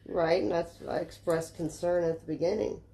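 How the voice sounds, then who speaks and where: Congested woman, low gravelly voice. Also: steady tone, normal speed. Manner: quiet, defensive, subdued. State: sick and congested. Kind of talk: defensive argument on a livestream.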